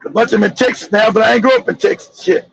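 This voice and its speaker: Stream host, man from Los Angeles, very high gravelly voice, profane blunt delivery, slightly dull lo-fi audio. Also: very fast, a little hiss or hum. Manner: profane, blunt storytelling with laughs. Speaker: channel host. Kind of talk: live-stream monologue.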